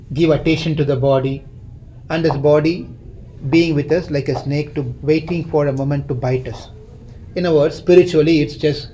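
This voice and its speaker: A man's voice: a little high, dark tone, a little hiss or hum, low-quality recording. A man teaching a scripture class, retelling a story, often repeating or restarting phrases and quizzing his listeners.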